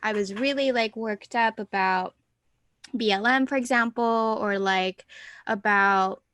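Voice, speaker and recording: With a bit of hiss or hum in the background, a podcast co-host talks at a medium pitch and a slightly slow pace. She's chatty and animated in this casual conversation, working through her thoughts aloud.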